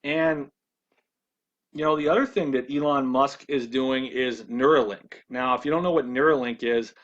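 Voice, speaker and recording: Halting man in a casual monologue. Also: mid-range voice, steady tone, dull audio. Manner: halting, with frequent restarts and repeated words. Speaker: ministry video presenter.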